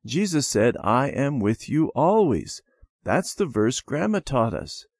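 A man voicing a timid little girl in a storybook reading, with a high, small, plaintive voice. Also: big pitch swings, a little slow, darkish tone, breathy edge, no room sound, heavily acted. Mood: reassured. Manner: plaintive, questioning.

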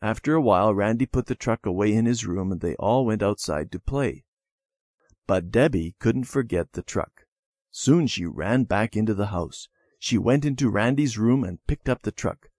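A man reading a children's storybook aloud with gentle, expressive storytelling. His pitch moves a great deal, and the recording is dry and close. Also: moderate pace, no echo. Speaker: narrator.

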